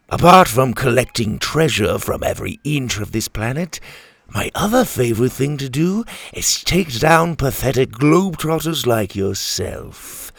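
Cocky pirate captain, a man voicing him; slow, sneering, gravelly, swings up and down. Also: mid-range voice, dry recording. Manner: playful, mocking, theatrical.

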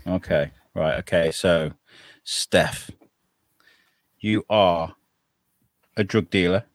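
A man's voice: low voice, slow pace, dry recording, studio quality. A man, hosting and setting up improv games in chatty, stop-start talk. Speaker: podcast host. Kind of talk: casual chat, running improv games.

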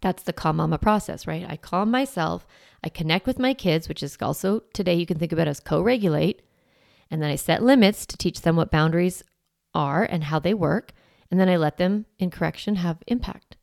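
A woman in her forties, a parenting coach hosting a solo podcast, talking in a conversational, lively way with playful asides. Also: lowish voice, fairly quick, vocal fry, dry recording, clean studio sound. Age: 40s.

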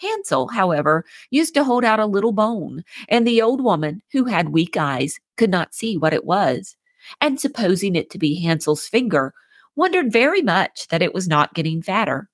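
A woman hosting a children's podcast, reading a fairy tale aloud in a gentle, clear scripted narration. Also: medium pitch, big pitch swings, normal speed, no echo, studio quality. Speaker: podcast host and storyteller.

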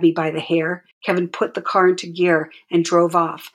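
A woman narrating her own memoir in a quiet, measured way. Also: fairly low pitch, flat delivery. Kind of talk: reading a memoir aloud.

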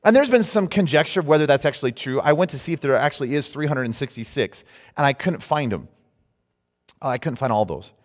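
Man, pastor, sermon, high voice, echoing hall. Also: fast. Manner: animated, cries out in mock panic at times. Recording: long hall reverb.

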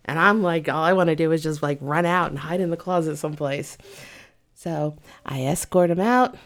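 In a low voice at a moderate pace, this massage therapist recounts something that happened at work. Her telling is casual and lively, and she voices both people in the exchange.

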